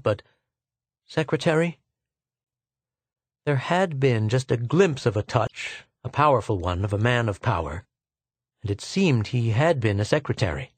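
A man reading an audiobook novel in measured, even scripted narration. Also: lowish voice, no echo.

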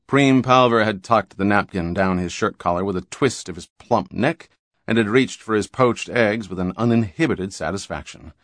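A man narrates an audiobook from a script, telling the story expressively. His voice is lowish and his speed normal, captured in a dry, studio-quality recording.

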